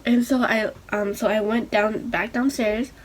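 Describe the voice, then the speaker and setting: A young woman telling a rambling, excitable story while doing her makeup for a vlog. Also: fairly high pitch, measured pace. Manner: rambling, excitable, lots of fillers. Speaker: beauty vlogger.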